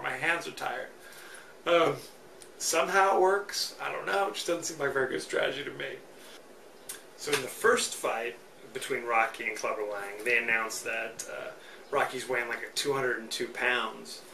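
A man's voice: mid-range voice, creaky, bright, forceful tone. A man hosting a solo podcast, giving chatty, joking, opinionated movie commentary. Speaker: podcast host. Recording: roomy, distant mic, faint noise.

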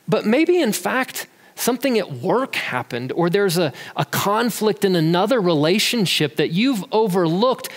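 A man in his thirties preaching a sermon, talking in a conversational way and telling family stories with animation. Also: sits high. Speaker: pastor. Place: church sanctuary. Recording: long church hall reverb.

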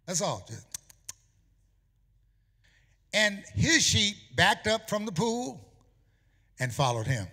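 A male pastor preaching a sermon in a church, emphatic and animated, sometimes half-singing his phrases. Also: high-pitched, slow, long pauses, big-room sound. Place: church sanctuary.

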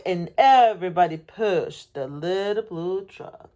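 A woman teacher at home reading a children's picture book aloud, expressive and playful, making animal and truck sounds. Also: lowish voice, slow pace. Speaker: preschool teacher.

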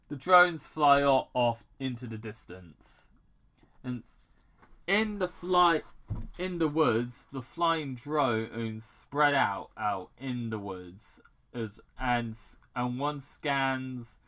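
Slow, halting man reading aloud. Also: medium pitch, bright, forceful tone. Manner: halting, stumbles and restarts over words while reading. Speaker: reader of fan fiction. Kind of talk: casual reading aloud with commentary.

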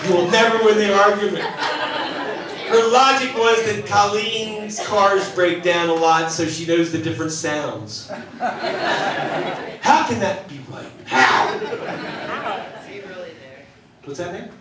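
High-voiced man doing stand-up in an echoey hall. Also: takes it slowly, heavy background noise. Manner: chatty, self-mocking, teases the audience. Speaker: stand-up comedian. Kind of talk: live stand-up comedy. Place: large theater stage, live. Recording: echoey theater from far off with laughing crowd. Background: audience laughter.

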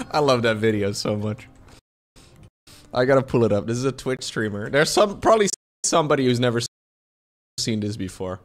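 Wry joking male streamer, lively pitch. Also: moderate pace, pauses often, soft background music. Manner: joking, swearing, wry asides. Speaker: Twitch streamer. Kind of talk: casual reaction commentary on stream.

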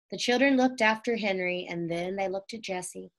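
A woman reading a children's chapter book aloud in a calm, clear and measured way. Her voice sits at an ordinary middle pitch for a woman. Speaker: reader. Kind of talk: storybook read-aloud narration.

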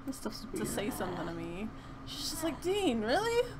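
A young woman hosting a let's play, chatting through the game in an animated, gushing way with bursts of laughter. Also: mid-range voice, a little fast. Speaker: gaming channel host.

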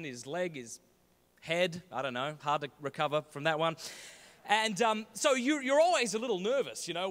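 An Australian man tells funny stories from a stage, animated and full of slang. His fairly high voice jumps around a lot. A long reverb from a large conference hall trails every line. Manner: animated, jokey, uses Aussie slang. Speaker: conference speaker. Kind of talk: humorous storytelling talk.

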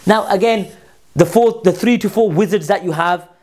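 A man's voice: high voice, normal speed, a little mellow. A man delivers a combative commentary, speaking straight to his opponents and scolding them. He keeps repeating key phrases to drive his points home. His voice sits a little above the usual male range. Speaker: presenter of a commentary video. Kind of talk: polemical commentary on quoted texts.

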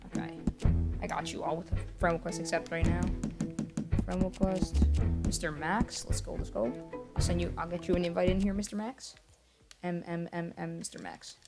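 Over loud music, a young man with a high voice that barely moves in pitch chats with viewers at a moderate pace while livestreaming a game. He rambles, gets distracted, and apologizes often. At times he talks quietly to keep the noise down.

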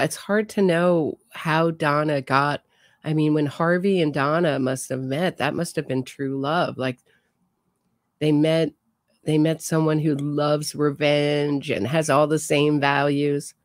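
A woman's voice: sits low, steady tone, unhurried, no room sound. Chatty woman host, dry close sound. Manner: chatty, thinking aloud, talks to viewers. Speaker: true crime host. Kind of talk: casual livestream commentary.

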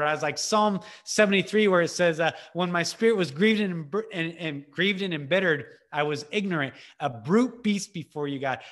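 A man with a fairly high voice shares an impassioned spiritual testimony over a video call. He talks casually, with fillers and restarts. His delivery swings between urgent, raised passages and quiet, hushed ones. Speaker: ministry speaker.

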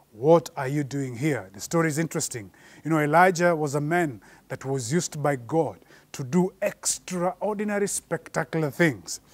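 A man preaching a sermon, slowing down and rising in force to repeat his points. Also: a little high, a little mellow, dry recording. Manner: measured preaching, slows and rises for emphasis.

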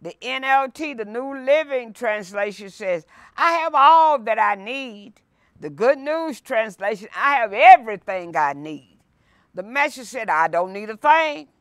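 A woman pastor leading a Bible lesson, reading scripture aloud and preaching with slow emphasis and repetition. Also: on the high side, animated, a bit bright, no room sound, clean studio sound. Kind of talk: sermon-style Bible lesson. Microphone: no mic, by her own words.

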